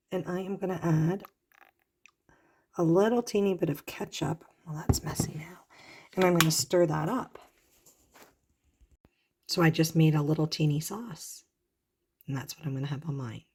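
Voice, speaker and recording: A woman from Canada chatting casually through a home kitchen vlog, explaining recipes step by step with plenty of enthusiasm. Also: fairly low pitch. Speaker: vlogger.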